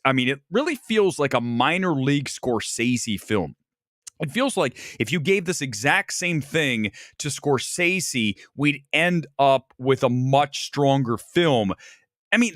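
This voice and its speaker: Man from Ohio hosting a film review stream. Fairly high voice, opinionated, dry close sound. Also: fairly bright tone, no room sound. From Ohio, USA. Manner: opinionated, talks straight to viewers. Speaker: movie review host.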